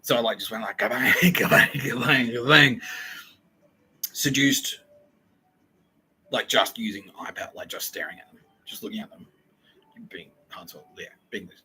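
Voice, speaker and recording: A man's voice: on the low side, normal speed, long pauses, sharp tone, slight background noise, rough recording. A man hosting a podcast, telling a wild story in a rambling, profane comic monologue with frequent laughter. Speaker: podcast host.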